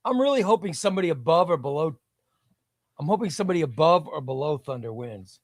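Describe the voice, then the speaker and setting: A man with a slightly high voice talks into a close, dry mic on a live stream. He is enthusiastic and chatty and keeps repeating his words. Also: lively intonation, fast talker, dry recording. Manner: enthusiastic, repeats himself, reads chat aloud. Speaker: comic book live stream host. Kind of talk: casual live stream chat.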